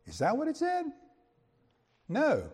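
Male preacher, high and lively voice, conversational Bible teaching, asks the room questions. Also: slow, slightly rough, in a large hall. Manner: conversational, quips and rhetorical questions.

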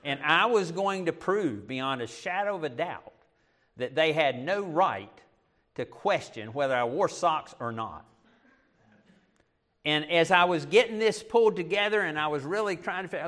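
A middle-aged male pastor preaching a sermon, animated, with self-deprecating asides. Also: fairly high pitch.

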